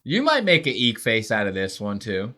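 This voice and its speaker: A man's voice: fairly low pitch, wildly swooping pitch, moderate pace, pushed and bright. A man hosting a podcast, telling a profane, ranting story and acting out what people said. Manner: profane, ranting, acts out quotes in voices. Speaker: podcast host. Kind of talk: casual podcast rant.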